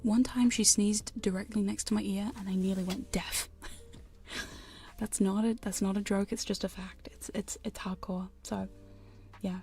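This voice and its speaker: Woman, live ASMR hypnosis streamer, soft rambling whisper, giggly, warm low-key tone. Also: steady tone, a little slow, creaky, soft background music. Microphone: studio condenser and binaural mics.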